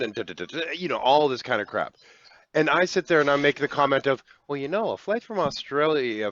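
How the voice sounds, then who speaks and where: Bright-voiced, wry man in voice chat. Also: mid-range voice, dull audio. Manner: wry, sarcastic, rambling asides. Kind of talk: casual group voice chat.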